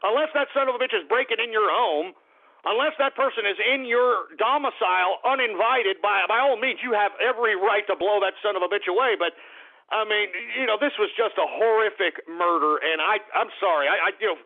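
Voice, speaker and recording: A man hosting a call-in radio show, ranting bluntly and profanely and tagging his points with "all right?" and quick apologies. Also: high-pitched, gravelly, phone-quality sound.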